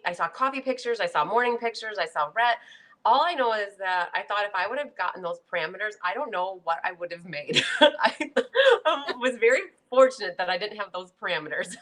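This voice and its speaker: A woman's voice: medium pitch, expressive, normal speed, fairly bright tone. Easygoing giggly woman guest. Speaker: guest crafter. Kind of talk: casual chat.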